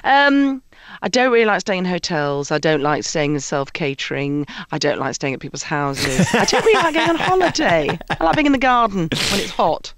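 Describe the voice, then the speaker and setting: A middle-aged British woman chatting as a radio guest, telling stories with lively acted-out voices. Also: on the low side, moderate pace. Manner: lively, animated storyteller acting out quoted voices. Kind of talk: casual chat.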